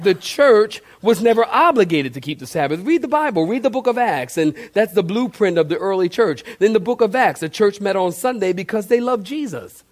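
A male pastor preaching a sermon, animated, putting questions straight to the congregation. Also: sits high. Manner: shouted cartoonish outbursts for emphasis.

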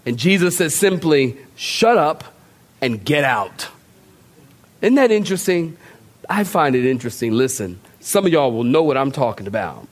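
High-voiced preacher. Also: male voice, fairly quick. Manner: animated, joking, talks directly to the congregation. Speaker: pastor. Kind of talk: sermon.

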